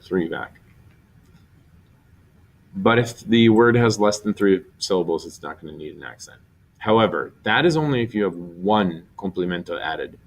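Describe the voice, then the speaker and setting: A man teaching a recorded Spanish grammar lesson, explaining step by step and slowly spelling out syllables. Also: deep voice.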